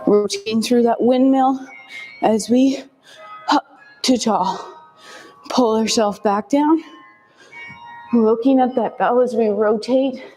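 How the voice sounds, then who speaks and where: A woman fitness instructor calmly cueing a kettlebell workout with short step-by-step commands, breathing hard between sets. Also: fairly high pitch, slow pace, pauses often, soft background music.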